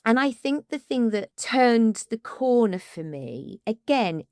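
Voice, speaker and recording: A woman, an ADHD coach co-hosting a podcast, talking casually and with emotion, often halting and restarting. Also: a little high, sing-song, a little mellow, dry recording, studio quality.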